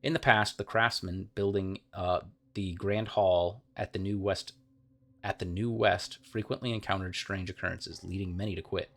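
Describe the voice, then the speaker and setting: Man, let's play gamer, reading game lore, fairly low voice, stumbling, self-correcting. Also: steady tone, moderate pace, vocal fry, a bit bright. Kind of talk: reading game lore aloud with casual asides.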